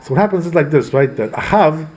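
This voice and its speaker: Rabbi, man, higher voice, rambling casual storyteller. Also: animated, fast talker, darkish tone, slightly rough. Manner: rambling, full of "you know" and "right". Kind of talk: casual storytelling Torah lesson.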